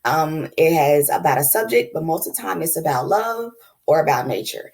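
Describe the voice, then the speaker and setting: A woman explaining a lesson to her class. Her voice sits low and has a gravelly fry, and she talks in a relaxed, chatty way, calling the students y'all and filling pauses with um. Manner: casual, addresses class as y'all, frequent ums. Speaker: teacher. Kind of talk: classroom lecture.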